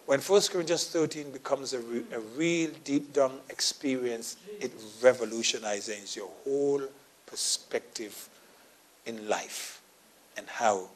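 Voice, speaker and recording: Pastor preaching a story-filled sermon. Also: male voice, mid-range voice, unhurried. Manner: storytelling, acting out his own quoted dialogue; swings from quiet asides to loud emphatic preaching. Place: church.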